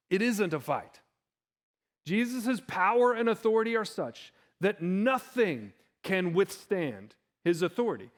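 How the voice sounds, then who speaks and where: A male pastor delivering an animated sermon in church, often acting out the voices of the people he quotes. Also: high voice. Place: church sanctuary.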